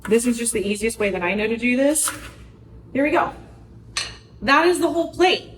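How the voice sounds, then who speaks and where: A woman talks through a recipe in her home kitchen with a chatty, earnest manner, mixing in life advice and catching her own slips. Her voice sits fairly high. The sound is roomy and she stands back from the camera, with faint noise in the background. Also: expressive, moderate pace. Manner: chatty, earnest, self-correcting. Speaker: wellness podcast host. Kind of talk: casual cooking vlog with life advice. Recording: echoey kitchen, voice from far off.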